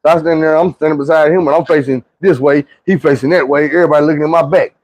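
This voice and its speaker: A man tells a story from his own life in a loose, conversational monologue full of slang and swearing. His voice sits a little higher than most men's. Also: steady tone, quick pace, darkish tone, dry recording.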